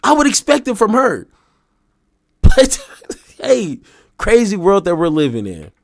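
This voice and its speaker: A man's voice: sits high, wildly swooping pitch, a little slow, gravelly. A man hosting political reaction commentary, mocking and slangy, often saying "bro".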